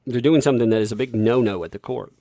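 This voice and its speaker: A man's voice: medium pitch, fast, warm tone, no room sound, studio quality. A man hosting a commentary channel from his home, emphatic and rambling with frequent restarts. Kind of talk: opinionated commentary vlog. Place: home with a basement.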